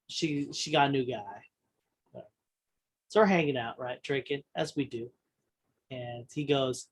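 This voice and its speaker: A man's voice: mid-range voice, a little hiss or hum. A man hosting a podcast, telling a long story in casual chat, rambling with many restarts and fillers, blunt and profane. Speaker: podcast host.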